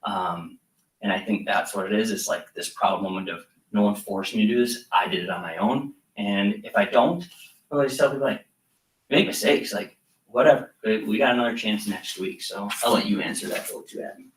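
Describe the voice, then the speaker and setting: A man coaching cross country speaks earnestly and a bit loosely to a school board. His voice sits low. He is picked up from a distance, so the room echoes around him. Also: fairly quick. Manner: earnest, rambling with fillers. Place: meeting room.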